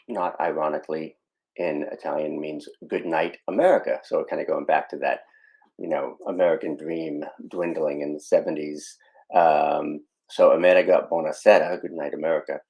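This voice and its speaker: A man's voice: extremely low pitch, vocal fry, darkish tone, low-quality recording. A man hosting a podcast, casually explaining a film scene with frequent fillers and asides. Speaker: podcast host.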